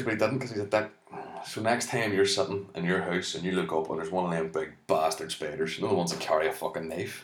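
Low-voiced, swearing Irish comedian. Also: male voice. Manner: rambling, profane, deadpan. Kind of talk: stand-up monologue. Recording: echoey room.

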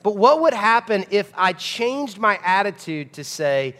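High-voiced preacher in a reverberant church. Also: male voice, measured pace, hardly any pauses, sharp tone. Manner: conversational, emphatic preaching with rhetorical questions. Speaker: pastor. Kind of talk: sermon. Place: church sanctuary. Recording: long hall reverb of a church.

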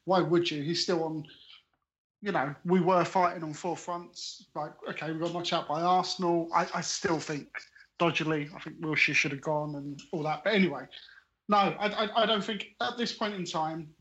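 A man's voice: fairly high pitch, normal speed, a bit bright. A man co-hosting a casual podcast, talking through his opinions with enthusiasm and reconsidering them as he goes. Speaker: podcast co-host. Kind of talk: casual chat, football opinion. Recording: slightly dull audio.

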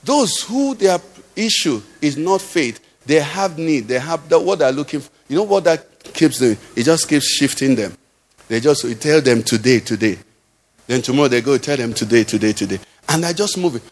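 A man preaching a sermon as pastor, swinging from loud cries to low murmurs. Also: lively intonation, normal speed.

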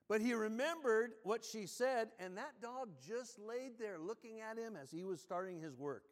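High-voiced preacher in a reverberant church. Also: male voice. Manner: animated storytelling, drops low and slow when reading scripture. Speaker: pastor. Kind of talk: sermon. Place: church sanctuary. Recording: long reverb of a church hall.

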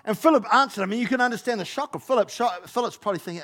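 Animated high-voiced male pastor. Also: racing, hardly any pauses. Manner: animated, acts out Bible figures, jokes with the congregation. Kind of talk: sermon. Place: church hall.

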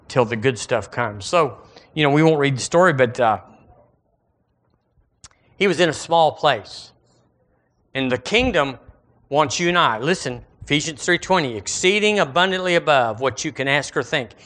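A male pastor, preaching an animated sermon and calling on the congregation to repeat lines after him. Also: medium pitch.

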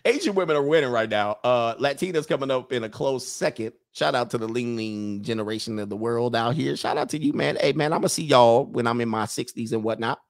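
A man's voice: mid-range voice, brisk, few pauses. Joking man hosting a livestream. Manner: loose, joking, digressive, laughs often. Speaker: livestream host reading chat. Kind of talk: casual livestream commentary.

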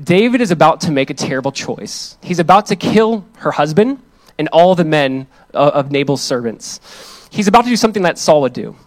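Young guy pastor preaching, fairly high voice, telling a story all lively and chatty, super dry close sound. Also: a little fast, no echo. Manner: animated storytelling, voices others in quotes. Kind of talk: sermon with personal story.

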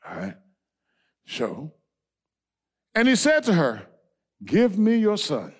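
A man preaching a sermon as pastor, emphatic, swinging from shouted lines to soft asides and dropping in amens. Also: high-pitched. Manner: punctuates with amen and all right.

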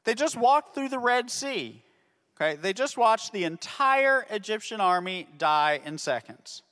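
A man's voice: high voice, lively intonation, unhurried, bright, forceful tone. A man telling a Bible story to children as a ministry teacher, constantly checking in with "okay?". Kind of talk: Bible story lesson for kids. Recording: long reverb of a hall.

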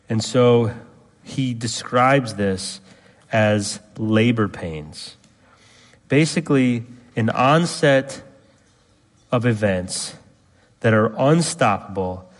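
Middle-aged pastor preaching, lowish voice, punchy emphatic delivery, big echoey church hall. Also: male voice. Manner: emphatic, rising to forceful peaks then dropping low. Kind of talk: sermon. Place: church sanctuary. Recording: long reverb of a church hall.

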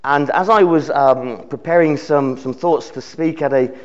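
A man's voice: on the high side, measured pace, highs cut off. A man, a visiting preacher giving a sermon in a church in an earnest way, often repeating words as he builds his phrases. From United Kingdom. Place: church service.

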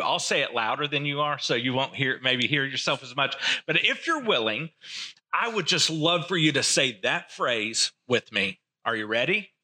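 Very bright, lively male preacher. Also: mid-range voice. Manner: slows down to stress key phrases. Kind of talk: sermon teaching.

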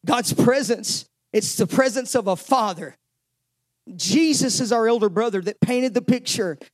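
A man's voice: very high-pitched, a little slow. A man preaching a sermon as pastor, openly emotional, often stumbling over and repeating words as he presses his point.

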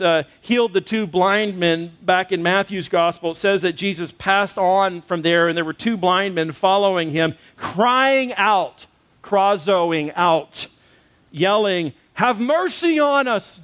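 Speaking in a high voice with a fairly bright tone, a male pastor gives a sermon. He keeps it conversational, posing rhetorical questions and dropping casual fillers.

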